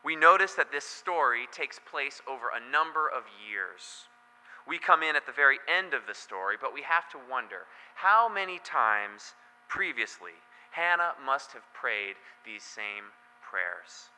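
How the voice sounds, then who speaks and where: Pastor guy preaching, chatty storytelling, very bright voice, long echo in a big hall. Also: medium pitch, very animated, unhurried. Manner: conversational storytelling with joking asides. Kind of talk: sermon. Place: church.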